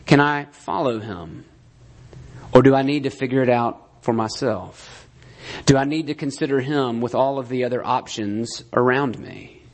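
A male pastor delivering a sermon in a church. He leans hard on key phrases, says them again, and keeps checking in with "right?" His voice sits at an ordinary middle pitch for a man. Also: moderate pace. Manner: emphatic, repeats key phrases, asks the listeners "right?".

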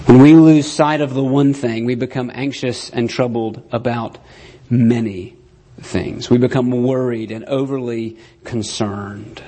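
Man, preacher, conversational sermon, keeps asking "right?", acts out quotes, mid-pitched voice. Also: darkish tone, breathy edge.

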